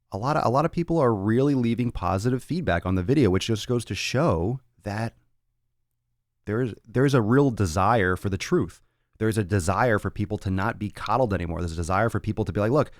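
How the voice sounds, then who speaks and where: A man with a lowish voice hosts a fitness podcast, delivering a blunt, casual rant packed with swearing and tough love. The recording is clean studio sound with no room echo.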